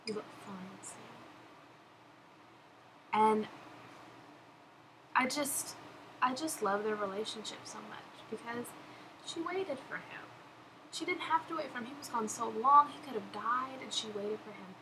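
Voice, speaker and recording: A woman's voice: fairly high pitch, unhurried, pauses often. A young woman chatting casually on her vlog, answering follower questions in a gushing, laughing way. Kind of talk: casual chat. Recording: background noise.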